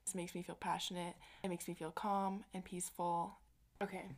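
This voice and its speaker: A woman's voice: on the low side, level tone, moderate pace. A young adult woman hosting her own podcast, talking in a casual, rambling way with lots of "like" and the odd swear word. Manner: chatty and rambling, heavy use of "like", casual swearing. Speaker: podcast host. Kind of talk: casual solo podcast chat.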